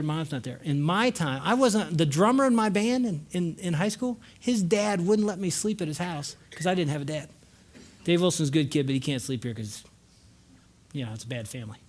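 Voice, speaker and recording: A man in his sixties speaking at a marriage conference, telling a personal story to a live audience. He goes from lively and loud to hushed and slow at the emotional moments, with wry asides to the crowd. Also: a little high.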